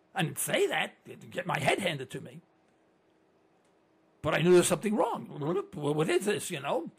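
A broadcaster in his sixties delivers a chatty monologue to his listeners, telling anecdotes and posing rhetorical questions with many repeated words. His voice is high, gravelly, and breathy-edged, moving a bit fast with wildly swooping pitch.

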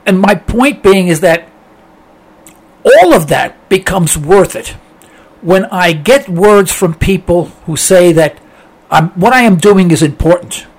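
A man hosting a talk show, rambling conversationally as he reads listener mail, with many fillers and restarts. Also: high voice. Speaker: radio talk show host. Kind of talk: casual monologue reading listener mail.

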